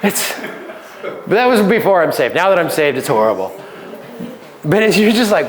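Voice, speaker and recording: A man's voice: fairly high pitch, very animated, moderate pace, pauses often. A male pastor teaching a relationship seminar in a casual, joking way, laughing often and checking in with "right?". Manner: conversational, keeps asking "right?".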